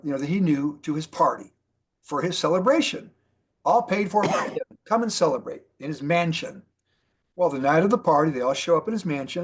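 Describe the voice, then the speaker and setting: A man presenting a motivational training talk, telling stories and asking rhetorical questions. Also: a little high. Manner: storytelling, rhetorical questions, repeats lists. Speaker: mentor presenter.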